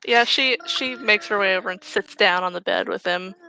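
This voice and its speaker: A woman's voice: medium pitch, moderate pace, creaky, bright, forceful tone, slight background noise, rough recording. A woman player casually describing what her character does in a tabletop game, chatty and laughing.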